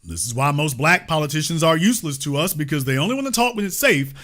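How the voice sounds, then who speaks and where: Emphatic, lively host lecturing callers. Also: male voice, on the high side, fast. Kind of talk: political commentary and call-in.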